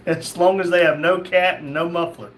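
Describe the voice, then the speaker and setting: A man hosting a live stream, reading viewers' chat messages aloud and answering them in a relaxed, chatty way. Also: high-pitched, measured pace. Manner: reads chat names aloud, chatty and easygoing. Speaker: livestream host reading chat.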